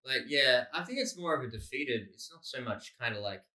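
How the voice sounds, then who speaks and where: A man's voice: medium pitch, lively intonation, fairly quick, pushed and bright. An Australian man co-hosting a casual podcast, a rambling storyteller who swears freely and acts out what people said. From Melbourne, Australia. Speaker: podcast co-host, comedian.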